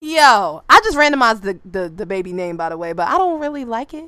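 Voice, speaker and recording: A young woman giving casual gameplay commentary, excitable, with loud outbursts and slang aimed at her viewers. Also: medium pitch, brisk, clean tone, no echo. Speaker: gaming video creator.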